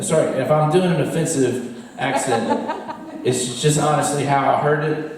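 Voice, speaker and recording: Amid crowd noise, a slightly high-voiced American man talks at normal speed, rambling through a self-deprecating story for a live bar audience. He frequently laughs at himself, recorded from afar in an echoing room.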